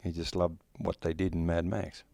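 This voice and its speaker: A man's voice: deep voice, flat delivery, normal speed, creaky, mellow, no room sound. A man in his sixties with an Australian accent, a guest actor talking bluntly and joking, with plenty of swearing, in a casual interview. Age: 60s. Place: horror convention.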